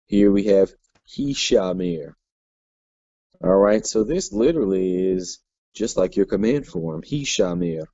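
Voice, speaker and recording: A man teaching a Hebrew grammar class in a relaxed way, with lots of fillers and restarts. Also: sits low, unhurried, no room sound. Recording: dull lo-fi class recording.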